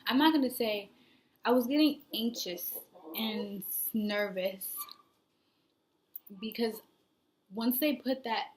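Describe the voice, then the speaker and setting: A young woman telling her own story in a casual vlog, rambling with lots of "like" fillers and sometimes dropping to a soft near-whisper. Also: mid-range voice, a little hiss or hum. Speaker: new mother vlogger.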